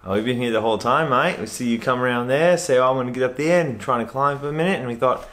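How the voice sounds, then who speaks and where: A man's voice: mid-range voice, quick pace, fairly bright tone, close to an everyday voice. A man playing a kindly male police officer who talks in an easygoing, matter-of-fact way.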